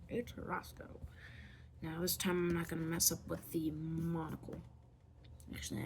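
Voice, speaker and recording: A woman's voice: gravelly, background noise. A woman chatting casually through a drawing tutorial, rambling, playful and often dropping to a whisper as she draws. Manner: playful, makes silly squeaky noises. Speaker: vlogger drawing on camera.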